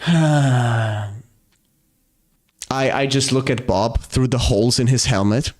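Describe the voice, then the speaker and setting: A man taking part in a tabletop game, describing what his character does. He talks in halting starts and stops. His voice is at an ordinary middle pitch. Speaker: player.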